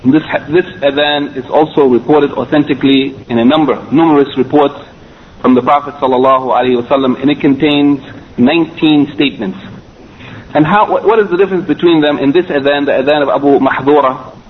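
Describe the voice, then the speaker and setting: A man's voice: a little high, fairly even intonation, fairly quick. Man teaching a lecture over tinny audio. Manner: explaining step by step, with fillers and self-corrections. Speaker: Islamic studies teacher. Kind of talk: recorded lecture. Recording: tinny phone-line quality, faint hiss.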